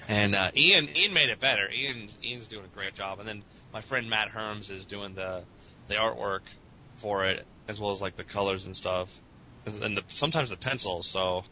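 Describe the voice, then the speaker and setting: A man's voice: moderate pace, pushed and bright. A man in casual conversation who rambles, swears freely, mocks himself and laughs often. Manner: rambling, profane, self-mocking, laughs often. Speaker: podcast interviewee. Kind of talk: casual chat. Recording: muffled lo-fi recording with faint rumble.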